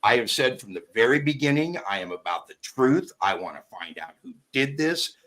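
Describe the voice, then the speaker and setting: A man's voice: medium pitch, expressive, moderate pace, a bit bright. A man talking casually as a guest, blunt and emphatic, peppering his talk with "you know". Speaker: guest commentator. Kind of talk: casual chat.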